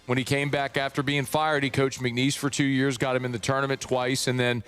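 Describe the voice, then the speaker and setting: A man's voice: medium pitch, flat delivery, brisk, a bit bright, clean tone. A man hosting a sports radio show, teasing and quizzing his mother in casual chat, with dry humor.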